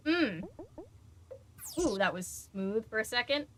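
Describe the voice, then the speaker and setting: A woman's voice: on the high side, animated, slow, a bit bright, soft background music. A young woman chatting casually to her viewers while she plays a video game, talking back to the game as she goes. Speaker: game streamer. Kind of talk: casual gameplay commentary.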